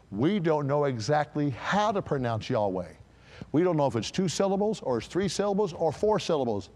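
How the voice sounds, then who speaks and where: A pastor preaching an animated sermon in a large church, asking the congregation questions and building to forceful emphasis. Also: male voice, mid-range voice, long reverb tail.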